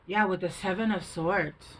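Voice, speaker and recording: A woman's voice: lowish voice, fairly even intonation, unhurried, fairly bright tone, slight background noise, low-quality recording. A woman doing a casual tarot reading, chatty and rambling, thinking aloud with fillers, recorded at home on a camera mic. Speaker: tarot reader.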